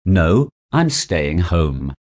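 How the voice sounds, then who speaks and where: Deep, husky man reading practice dialogue. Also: very animated, extremely slow, a little mellow. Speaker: dialogue reader for English practice.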